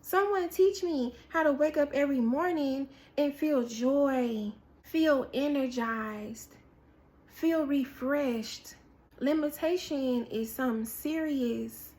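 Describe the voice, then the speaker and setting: A woman preaches a prophetic word in sermon style, telling an animated story in which she acts out what people said. She repeats key phrases for emphasis, speaking slowly in a high-sitting voice.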